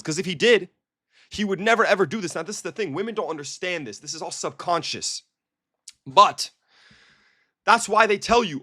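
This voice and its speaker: Man, high voice, blunt, emphatic, rhetorical questions, dating advice monologue. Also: animated, fairly quick, pushed and bright. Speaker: dating coach. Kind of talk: direct-to-camera advice monologue.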